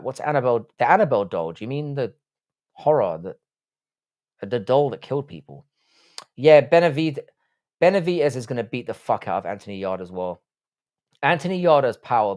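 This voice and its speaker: A man's voice: mid-range voice, a little mellow. A man hosting a casual live stream, reading chat aloud and answering in a blunt, profane way.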